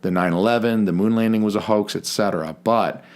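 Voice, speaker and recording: Male podcast co-host, lower register, casual, jokey storyteller with salty language. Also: steady tone, a little fast. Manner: chatty, profane, jokey storyteller.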